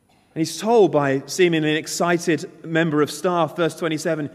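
A man's voice: fairly high pitch, steady tone, moderate pace. A man preaching a sermon, emphatic and storytelling, acting out the characters' lines. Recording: long hall reverb.

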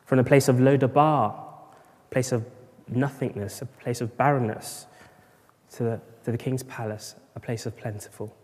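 A man's voice: medium pitch, steady tone, normal speed, darkish tone. A man preaching a sermon at a morning church service, rhetorical, with bursts of emphasis. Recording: long reverb of a large church hall.

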